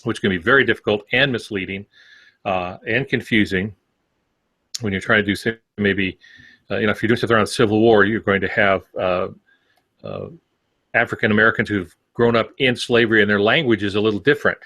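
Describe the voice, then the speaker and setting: A man with a fairly low voice co-hosts a writing podcast and works through his points in long, rambling turns. The sound is dry and close, with no room around him. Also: fairly even intonation, a little fast, sharp tone, no room sound. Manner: rambling, filler-heavy explanations. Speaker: podcast co-host. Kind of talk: casual discussion.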